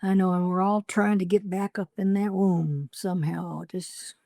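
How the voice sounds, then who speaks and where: A middle-aged woman co-hosting a podcast, talking wryly with casual swearing and quick laughter. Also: fairly low pitch, steady tone, gravelly, warm tone, no room sound, studio quality. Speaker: podcast co-host. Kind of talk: casual chat between friends.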